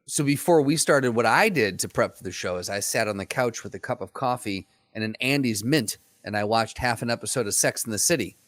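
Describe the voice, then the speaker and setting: A man co-hosting a podcast in a relaxed casual chat, laughing easily and chiming in often. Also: medium pitch, brisk, hardly any pauses, no echo. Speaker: podcast co-host.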